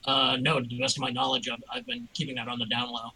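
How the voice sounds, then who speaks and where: A man playing a tabletop game, speaking in a relaxed, wry, low-key way. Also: fast talker, vocal fry, slightly rough, poor audio. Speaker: player. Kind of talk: casual tabletop play.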